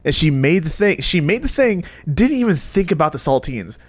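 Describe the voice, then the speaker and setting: A man's voice: a little high, sing-song, normal speed, no echo. A man co-hosting a podcast in casual chat, talking through an advice question in an earnest, reassuring way. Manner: earnest, reassuring, thinks aloud with restarts. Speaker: podcast co-host.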